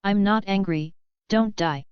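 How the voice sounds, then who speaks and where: A woman voicing a tearful, excitable grown woman in an even, plain reading. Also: medium pitch, unhurried, clear, resonant tone, no echo, muffled recording, lightly acted. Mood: anxious.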